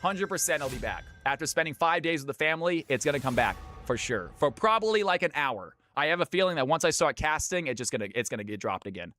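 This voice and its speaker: A man's voice: big pitch swings, quick pace, hardly any pauses, pushed and bright, soft background music. A man from Georgia in the US, casting a live game stream with lots of energy and chatting with viewers. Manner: high-energy, hyped.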